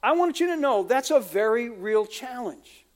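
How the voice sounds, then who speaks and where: A man's voice: very high voice, expressive, moderate pace. A man from the United States, a pastor preaching a conversational sermon full of asides and acted-out quotes.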